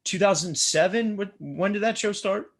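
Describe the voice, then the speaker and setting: A man's voice: high voice, moderate pace. A man hosting a podcast interview, often agreeing with his guest. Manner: affirming, frequent yeahs. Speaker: podcast host.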